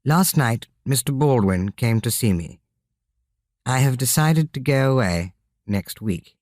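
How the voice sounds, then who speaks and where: A man voicing a gentle, sorrowful young king in a storybook reading, speaking softly and earnestly. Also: mid-range voice, animated, measured pace, dry recording, clean studio sound, natural voice. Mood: sad, earnest. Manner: soft, earnest lines. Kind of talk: audiobook character reading.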